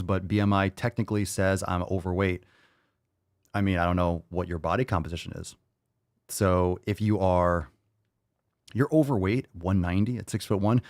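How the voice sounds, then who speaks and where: A man's voice: low voice, dry recording, studio quality. A man hosting a live podcast Q&A, answering viewer questions in a blunt, joking and profane way. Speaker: podcast host. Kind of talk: live Q&A chat.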